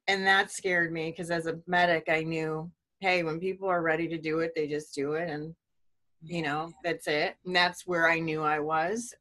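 A middle-aged woman giving a personal testimony in a halting, earnest way, with many restarts. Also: on the low side, a bit bright.

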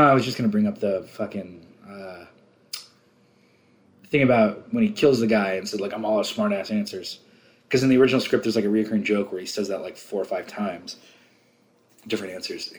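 A man's voice: on the low side, fairly quick. A man co-hosting a casual movie commentary, rambling through stories, laughing often and swearing freely. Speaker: podcast co-host.

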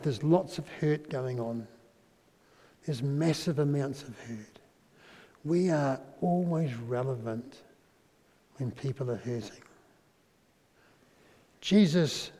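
New pastor preaching in a reverberant hall. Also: male voice, medium pitch. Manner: storytelling, drops to a soft, quiet voice at emotional moments. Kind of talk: sermon. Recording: long reverb in a large hall.

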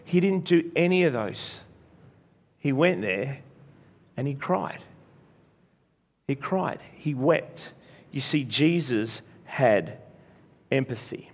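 A man's voice: mid-range voice, expressive, slow pace, pauses often. A man preacher retelling a story in a sermon, speaking earnestly, repeating phrases and restarting often. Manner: earnest, repetitive, frequent restarts.

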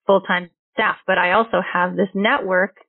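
A woman's voice: lowish voice, fairly even intonation, normal speed, dry recording. Woman host on a tinny dry line. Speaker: podcast host, recruiter. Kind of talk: casual podcast conversation. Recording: tinny phone-like dry sound.

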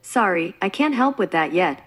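A woman voicing a calm, polite voice assistant that reads out word definitions. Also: lowish voice, normal speed. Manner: flat read-out definitions.

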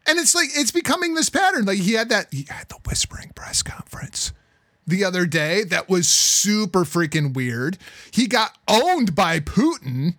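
A man's voice: high voice, very animated, normal speed, no room sound, studio quality. Profane, exasperated man on a podcast. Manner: profane, exasperated, swings from loud outbursts to muttering. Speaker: podcast co-host. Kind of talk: heated political talk.

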